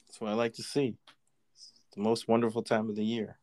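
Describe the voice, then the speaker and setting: A man's voice: fairly low pitch, completely flat delivery, fairly quick, warm tone. A man with a Boston accent chatting easily as co-host of a racing talk show. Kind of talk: casual chat.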